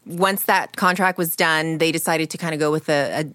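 A woman in her forties, a guest on a podcast, telling stories in a relaxed, chatty way. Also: sits low, moderate pace, smooth, no room sound, studio quality. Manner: easygoing, chatty storytelling. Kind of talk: casual podcast chat.

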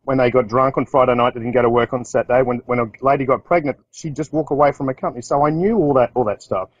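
A middle-aged Australian business owner telling casual stories in a rambling way, with restarts and acted-out quotes. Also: male voice, medium pitch, fairly even intonation, fast, no room sound, lo-fi sound. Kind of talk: casual storytelling talk.

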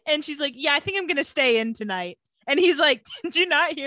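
A woman's voice: high voice, brisk, hardly any pauses, no room sound. A young woman co-hosting a podcast, chatting casually and acting out characters' lines as she retells scenes. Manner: animated, acts out characters' lines while retelling. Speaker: podcast co-host recapping a TV show. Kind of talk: casual chat.

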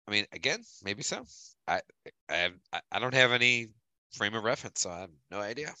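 A man's voice: fairly low pitch, lively intonation, fairly quick, sharp tone, no room sound, low-quality recording. A man co-hosting a podcast in casual chat, blunt and profane when he rants. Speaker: podcast co-host.

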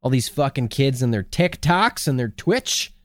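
Animated, swearing casual podcast man. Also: mid-range voice, a little slow, no room sound, studio quality. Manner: animated, swears a lot, breaks into jokey put-on voices. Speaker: podcast co-host. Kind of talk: casual chat.

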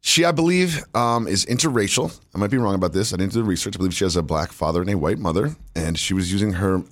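A man co-hosting a podcast, joking in casual, animated banter and laughing often. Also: sits low, fast. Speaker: podcast co-host.

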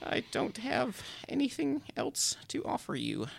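A man's voice: very high voice, huge pitch swings, a little slow, vocal fry, husky, no echo, full character voice. A man playing a teasing sidekick at a hell podcast studio, dry and giggly. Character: deadpan prankster demon button-pusher, mischievous. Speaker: comedy podcast co-host. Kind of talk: improvised comedy sketch.

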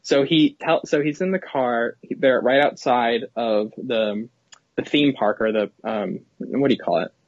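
An excitable man hosts a podcast, rambling through his thoughts with lots of fillers. His voice is husky. The sound is dry and slightly dull. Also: mid-range voice, unhurried, no room sound. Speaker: podcast host. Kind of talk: casual film chat.

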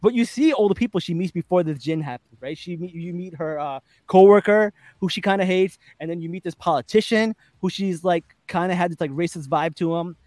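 A man on a podcast casually retelling a TV episode, animated and laughing, acting out the characters' lines. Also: sits high, fairly quick, few pauses, no room sound. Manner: animated storytelling, laughing often, acting out quotes. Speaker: podcast host. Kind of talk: casual chat, recapping a TV episode.

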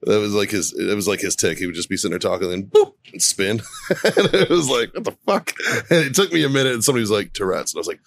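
A man's voice: fairly low pitch, fast, gravelly. A man hosting a podcast, chatting crudely with friends, laughing often and reading sponsor plugs. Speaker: podcast host. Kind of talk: casual profane banter.

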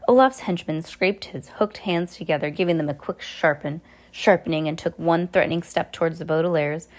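A woman's voice: deep voice, a little fast. A woman reading a novel aloud, often tripping over words and correcting herself. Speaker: audiobook reader. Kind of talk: amateur book reading.

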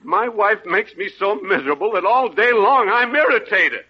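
A man's voice: high voice, lively intonation, moderate pace, husky. A man in a 1940s radio comedy, talking with bluster and then turning meek and cooing. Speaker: comic advice guest. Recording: dull lo-fi old radio recording with faint hiss.

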